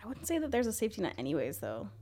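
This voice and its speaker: A woman co-hosting a podcast in casual chat, talking in a rambling, profane, animated way. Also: mid-range voice, very fast. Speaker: podcast co-host.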